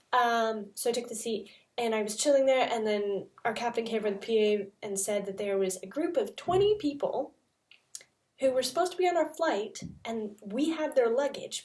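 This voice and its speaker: A woman's voice: medium pitch, a little mellow, distant mic. A young woman from Canada, telling a travel story in a casual, chatty way full of "like" fillers. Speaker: vlogger.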